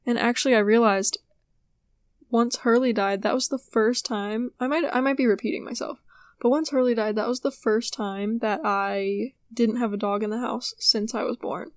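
A sleepy young woman hosts a casual solo podcast, rambling chattily about her day while yawning and apologizing. Her voice is fairly high and steady at a moderate pace, with no room sound.

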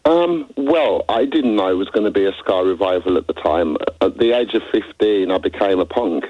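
A man, a musician, talking in a relaxed and rambling way in a radio interview, with lots of "you know". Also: low-pitched, normal speed, no room sound, lo-fi sound. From England. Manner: laid-back, rambling with many "you know"s. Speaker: musician guest.

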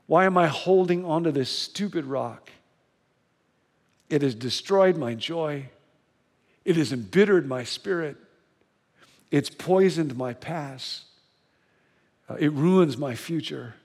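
A man's voice: fairly high pitch, lively intonation, slow pace, long pauses, a little mellow, long reverb tail, heavily acted. A man voicing a woman who clings to her resentments and questions herself in anguish, speaking in his own voice.

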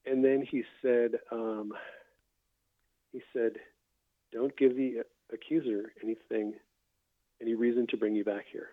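A man hosting a casual faith conversation, calmly recounting testimonies he has heard. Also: medium pitch, a little slow, long pauses, no room sound. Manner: relaxed storyteller, recounts others' testimonies. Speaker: podcast host. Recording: tinny phone-like line.

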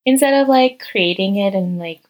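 Crouched over a close podcast mic in a guest bedroom, a woman who's a podcast host and coach talks casually and warmly on her solo show, teary-eyed and heartfelt. Her medium-pitched voice moves at a normal speed, chatty and full of "like" fillers, sometimes dropping into soft whispers, and the audio quality is poor.

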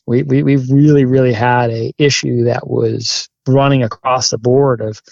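A man who is a firefighter and chaplain, telling his story candidly in an interview, earnest and halting, growing emphatic. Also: medium pitch, steady tone, gravelly, dry recording, muffled recording. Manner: earnest, halting restarts, grows forceful and emphatic.

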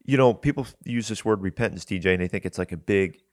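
A man talks about faith with a somewhat low voice, earnest and unhurried. He often restarts with repeated words, as if he is working the point out live. The sound is dry and close. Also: no echo. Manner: earnest, repeats words when starting a thought. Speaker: Christian talk show host. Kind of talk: conversational preaching.

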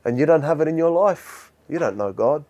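A man's voice: expressive, a little fast. Impassioned preacher, man. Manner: impassioned, swings from loud high exhortation to quiet low intensity. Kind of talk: sermon.

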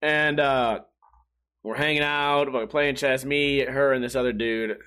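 A man's voice: medium pitch, fairly even intonation, measured pace, sharp tone, clear, resonant tone. A man talking alone in a casual, rambling monologue, swearing freely and mimicking other people in mocking voices.

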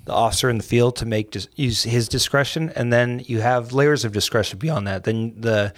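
A man who works as a game warden, answering interview questions in a measured, deliberate way. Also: medium pitch, no room sound.

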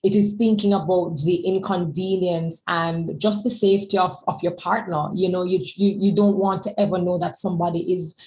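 A woman's voice: on the low side, steady tone, normal speed, few pauses, a little mellow, poor audio. A woman guest speaker in a candid conversation, talking emphatically and repeating words as she gathers her thoughts.

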